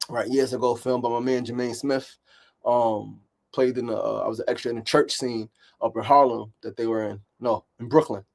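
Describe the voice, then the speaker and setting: A man's voice: medium pitch, darkish tone. Middle-aged new guy giving a pep talk, keeps saying right, swears a bit. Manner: emphatic and repetitive, with frequent "right?" and mild swearing. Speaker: podcast host. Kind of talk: motivational daily talk.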